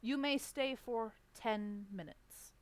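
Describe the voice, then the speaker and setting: Deadpan woman tabletop player. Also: on the high side, takes it slowly. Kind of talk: playing her character in a tabletop game.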